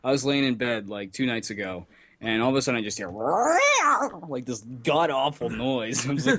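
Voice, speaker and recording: A man's voice: mid-range voice, animated, a little fast, a bit bright. A man co-hosting a podcast in casual chat, laid-back, swearing and laughing. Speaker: podcast co-host.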